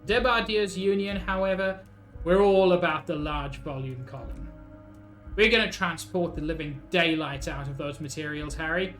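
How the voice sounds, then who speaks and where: A man's voice: fairly high pitch, fairly bright tone, soft background music, natural voice. A man putting on a smug union boss. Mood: persuasive. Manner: slow, smug and persuasive in a put-on accent. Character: scheming jovial middle-aged male union boss.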